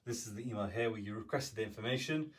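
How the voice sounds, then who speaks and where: This business coach delivers an instructional talk in a conversational style, repeatedly checking in with the listener by asking "right?" His voice sits on the low side with a breathy edge, and he talks quickly.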